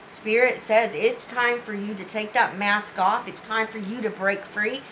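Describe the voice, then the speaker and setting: A woman's voice: mid-range voice, fairly even intonation, measured pace, pushed and bright, a little hiss or hum, poor audio. A woman giving a spiritual tarot reading, speaking in an earnest, heartfelt way with many restarts. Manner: earnest, heartfelt, often says "you know". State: emotional, near tears. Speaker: tarot reader.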